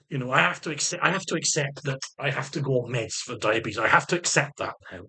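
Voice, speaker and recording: A man's voice: medium pitch, lively intonation, quick pace, gravelly, hardly any pauses, pushed and bright, breathy edge. Swearing, rambling man. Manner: rambling, swears heavily, emotional; stammers and restarts. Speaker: vlogger. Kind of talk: casual video diary.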